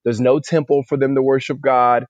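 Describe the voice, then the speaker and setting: A man's voice: mid-range voice, flat delivery, normal speed, dry recording. A man explaining a Bible passage on a podcast, earnest and casual, often repeating words as he gathers his thoughts. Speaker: pastor. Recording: dry, dull lo-fi sound.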